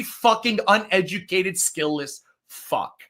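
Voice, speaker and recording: Angry woman streamer ranting, bright voice that swings all over. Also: mid-range voice, lively intonation, a little slow. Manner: furious, swearing, emphatic. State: angry and fired up. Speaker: streamer co-host. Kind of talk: heated livestream rant.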